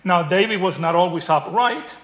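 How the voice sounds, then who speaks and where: A man delivers a sermon in a slightly high voice. He is animated, chuckles and acts out the people he quotes, and drops to a near hush for emphasis. The room is noticeably echoey. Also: moderate pace. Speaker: preacher.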